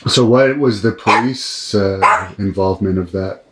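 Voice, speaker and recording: A man interviewing guests with brief, low-key questions. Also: a little slow, a bit bright, roomy sound.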